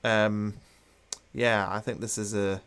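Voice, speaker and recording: A man's voice: fairly low pitch, little pitch movement, takes it slowly, a bit bright, clean tone. A man hosting a football watchalong, chatting casually with many fillers and restarts while he reads out live comments.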